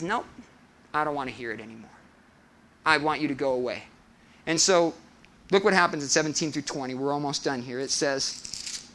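A male pastor preaching an animated sermon, acting out the figures' voices. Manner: animated, acts out quoted voices with big pitch jumps.

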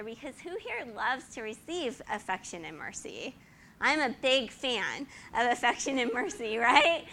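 Bright, chatty woman teaching scripture. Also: fairly high pitch, slight background noise. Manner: chatty, checks in with 'right?', laughs often. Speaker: Bible teacher. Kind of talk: casual Bible teaching to a group.

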